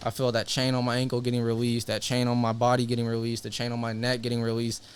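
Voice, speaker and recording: A young man, a fighter being interviewed, telling his story in a brash, profane, animated way. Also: mid-range voice, quick pace, clean tone. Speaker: MMA fighter, interview guest. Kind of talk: casual interview talk.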